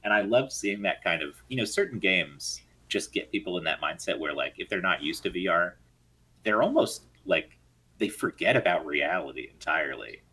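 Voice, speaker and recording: A man's voice: low-pitched, moderate pace, slightly rough. A man co-hosting a live gaming stream, chatting casually and drifting into tangents. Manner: rambling storyteller, lively and tangential. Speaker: podcast co-host.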